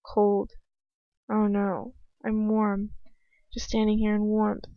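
A woman's voice: medium pitch, completely flat delivery, takes it slowly, no echo, lo-fi sound. A woman reading a first-person story aloud casually, sometimes stopping to comment on the text. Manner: casual, breaks off to comment and laugh. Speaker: fanfiction reader.

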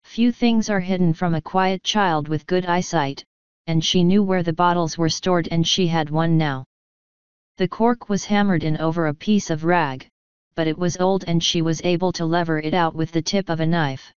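A woman narrating an audiobook in a measured, precise way, close to the mic. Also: lowish voice, steady tone, a little mellow, clean tone, dry recording, lo-fi sound. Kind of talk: scripted narration.

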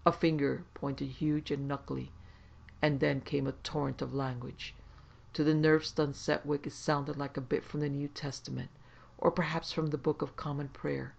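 A man narrating a horror story in a dramatic, expressive reading. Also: fairly high pitch, moderate pace, creaky, highs cut off.

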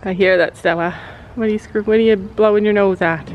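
A woman's voice: medium pitch, steady tone, a little fast, a little mellow, low-quality recording. A woman vlogging as a mother at a horse barn, talking in a chatty, encouraging, rambling way. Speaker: vlogger mom. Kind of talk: casual family vlog at a horse barn.

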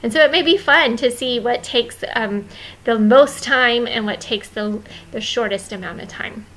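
A woman leading a children's ministry training, walking volunteers through the week's activities in a friendly, instructive way with many pauses and fillers. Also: on the high side, fairly bright tone, a little hiss or hum, low-quality recording.

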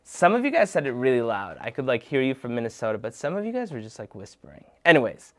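A man's voice: mid-range voice, expressive, fast talker, a bit bright. A man hosts a children's program with playful, upbeat energy. He addresses young viewers directly and jokes with them as he presents. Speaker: host of a kids' program. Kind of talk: lively kids' show presenting.

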